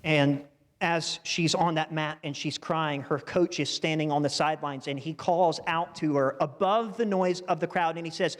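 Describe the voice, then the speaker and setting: A man's voice: fairly high pitch, normal speed. A man preaching a sermon in a church, talking to the congregation in a conversational way with asides like "wouldn't you say?". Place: church sanctuary. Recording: reverberant church hall.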